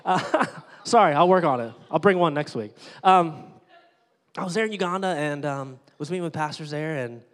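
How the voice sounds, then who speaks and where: A male pastor gives a sermon in a candid, conversational way, mixing jokes with earnest points. His voice sits a little high. A long reverb from a large church auditorium trails behind every phrase. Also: normal speed.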